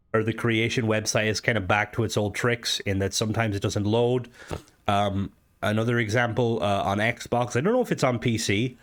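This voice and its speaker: A young man with a somewhat low voice talks through gaming news in a relaxed, unscripted way. He rambles and meanders, pausing to hesitate and restart his sentences as he thinks aloud like a streamer chatting to viewers. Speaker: gaming content creator and streamer. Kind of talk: casual gaming news commentary.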